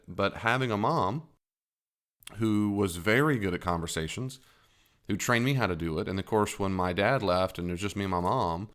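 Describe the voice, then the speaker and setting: A middle-aged man giving a casual talk about psychology, animated, laughing at his own jokes and acting out quotes in a higher voice. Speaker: psychology teacher.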